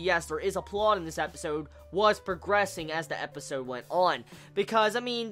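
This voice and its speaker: An anime reviewer talking in a casual, excitable way and swearing freely. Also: medium pitch.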